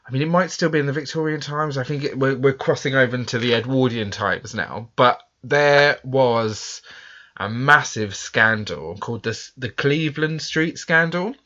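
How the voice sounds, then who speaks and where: A man from England hosts a casual podcast chat with a bright, lively tone. He talks in loose, self-deprecating asides and fills gaps with ums and restarts. The sound is dull and lo-fi. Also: mid-range voice, normal speed. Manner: chatty, self-deprecating, many fillers. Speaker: podcast host.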